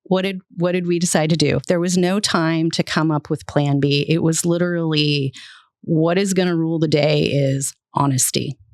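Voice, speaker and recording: A woman's voice: low voice, steady tone, normal speed, a little mellow, dry recording, clean studio sound. A middle-aged woman, a public relations executive, vividly telling a story as a podcast guest.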